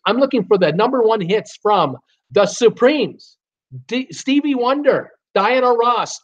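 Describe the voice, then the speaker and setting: A man runs a live trivia game, reading out viewer guesses in a halting way with many fillers. He sometimes half-sings a song title. The stream audio is dull and lo-fi. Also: high voice. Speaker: live trivia show host.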